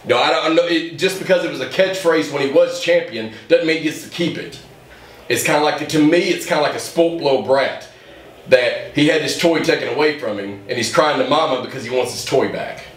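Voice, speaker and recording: A man's voice: fairly high pitch, brisk, recorded from a distance. A man, a pro wrestler, giving an intense promo interview that grows heated. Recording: roomy echo, voice off-mic.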